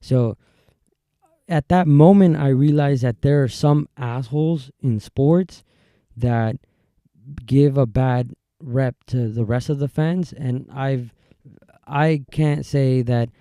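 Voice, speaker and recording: A man's voice: mid-range voice, slow, mellow, smooth, dry recording, studio quality. A man hosting a solo podcast, telling a story casually, with rambling asides and many fillers and restarts. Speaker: podcast host.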